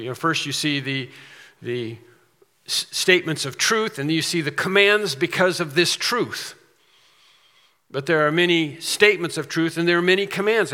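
A man's voice: a little high, sharp tone. A man preaching a sermon as pastor, emphatic, with rhetorical questions and repeated phrases. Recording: long reverb of a large hall.

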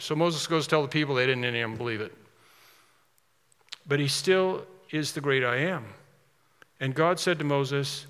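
A man preaching a sermon, telling a story in an animated way and then closing earnestly toward prayer. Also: fairly high pitch, moderate pace, pauses often, clean tone, long reverb tail. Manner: animated storytelling, shifts to soft earnest close.

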